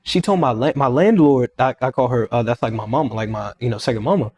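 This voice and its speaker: Here a young man appearing on a podcast recounts something that happened to him, casual and animated, frequently quoting dialogue and circling back over his own words. His mid-range voice is husky and quick, captured in a dry recording.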